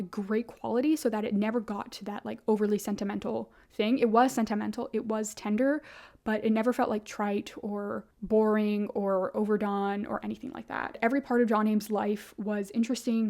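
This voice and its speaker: Chatty young woman gushing about books, mellow voice. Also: medium pitch. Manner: chatty, gushing, heavy use of "like". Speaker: book vlogger. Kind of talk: casual book review chat.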